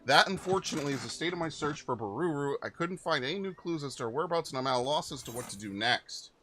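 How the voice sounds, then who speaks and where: A man's voice: fairly high pitch, lively intonation, fast talker, a bit bright, a little hiss or hum. A man reading out the earnest, formal lines of a painting master talking to a student.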